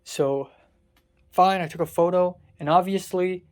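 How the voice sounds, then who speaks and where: A young adult vlogger, pouring out an exasperated, sarcastic rant full of swearing. The voice sits at an ordinary middle pitch and sounds distressed and worn down. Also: a little slow. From Hong Kong. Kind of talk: casual confessional vlog rant.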